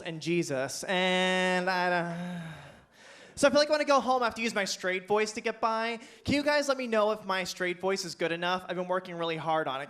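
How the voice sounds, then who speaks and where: Male stand-up, high voice, campy and animated, club stage on a handheld mic. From Pennsylvania. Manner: campy, animated, playful with the crowd. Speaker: stand-up comedian. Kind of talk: stand-up set.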